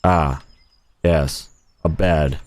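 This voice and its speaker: A man's voice: rumbling low, steady tone, very slow, darkish tone, no echo. A man streaming a video game live, rambling and joking as he talks to himself and his viewers. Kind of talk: casual live gameplay commentary.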